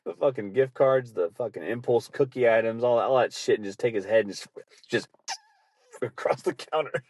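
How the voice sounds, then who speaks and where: A podcast host telling casual, rambling stories with lots of swearing and frequent laughter. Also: male voice, medium pitch, normal speed, a little mellow, no room sound. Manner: profane, rambling, laughing often. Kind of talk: casual storytelling.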